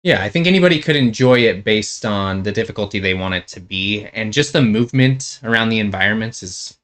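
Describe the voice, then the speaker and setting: Low-voiced easygoing male co-host. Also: expressive, a little fast, fairly bright tone. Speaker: podcast co-host. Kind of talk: casual chat about video games.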